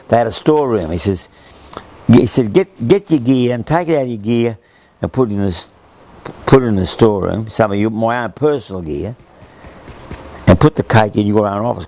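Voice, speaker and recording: Old aussie bloke telling navy yarns, gravelly voice, goes round in circles. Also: male voice, on the low side, mellow. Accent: Australian. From Australia. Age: older. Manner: rambling storyteller who repeats himself and acts out quoted voices. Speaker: interviewee, former sailor. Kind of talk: oral history reminiscence.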